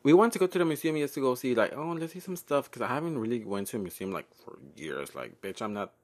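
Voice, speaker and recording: A man's voice: medium pitch, lively intonation, fast, darkish tone. A young man hosting a casual solo podcast from home, rambling and profane, laughing often and slipping Spanish words in. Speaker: podcast host.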